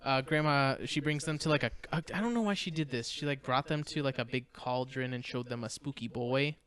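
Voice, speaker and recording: A young man talks through a film plot at his own loose pace, with plenty of filler and cursing. He drops into quick mock voices for the characters. His voice sits in an ordinary middle pitch. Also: fairly bright tone. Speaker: podcast co-host. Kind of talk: casual movie recap chat.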